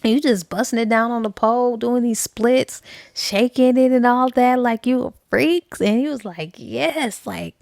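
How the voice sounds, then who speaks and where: A woman's voice: on the high side, normal speed, darkish tone, no echo, clean studio sound. A woman casually retelling a novel's plot for a book review, chatty and full of fillers, acting out the characters' lines.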